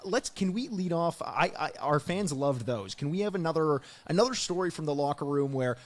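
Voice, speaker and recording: A man's voice: fairly high pitch, lively intonation, moderate pace. A man hosting a podcast, asking rambling, teasing questions in a casual interview. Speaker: podcast host.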